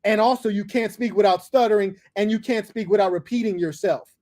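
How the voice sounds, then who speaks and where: High-pitched, condescending male stream host. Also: fairly quick, mellow. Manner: condescending, lecturing, mocking. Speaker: livestream host taking callers. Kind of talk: combative live call-in commentary.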